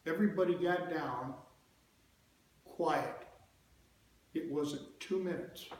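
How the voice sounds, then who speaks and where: Older man, slightly high voice, folksy storyteller, very echoey church hall, faint background hum. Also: slow pace, a little mellow. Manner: folksy, plain-spoken, with asides to the audience. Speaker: church speaker. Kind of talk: storytelling talk to a congregation.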